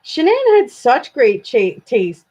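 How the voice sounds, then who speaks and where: A woman's voice: fairly high pitch, huge pitch swings, slow, darkish tone, husky. A tired woman from Canada hosting a casual true crime live stream, chatting with viewers in a self-deprecating way. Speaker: true crime channel host. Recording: dull lo-fi home stream audio.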